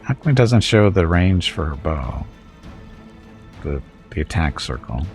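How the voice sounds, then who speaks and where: A man with a very low, gravelly voice plays through a game and chats casually with his viewers. His delivery is lively and full of pitch swings, with wry little asides along the way. Game music plays faintly underneath. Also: a little slow. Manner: wry, chatty, chuckling asides to chat. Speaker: game streamer. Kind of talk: casual let's-play commentary.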